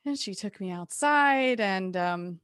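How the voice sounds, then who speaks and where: A woman guest telling a personal story candidly, animated and frank, with restarts and the odd curse word. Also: fairly low pitch, moderate pace, dry recording, studio quality.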